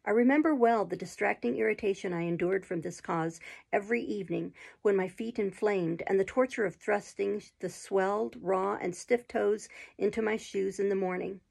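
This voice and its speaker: A woman narrates a classic novel as an audiobook, steady and measured, now and then stumbling over a word. Her voice is husky and breathy, with a gravelly fry. Her pitch sits in a middle range.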